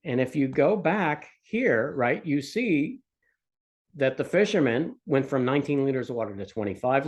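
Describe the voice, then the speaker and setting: A man's voice: medium pitch, darkish tone. A man teaching economics in a recorded lecture, explaining with a casual, joking storytelling manner. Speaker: economics instructor.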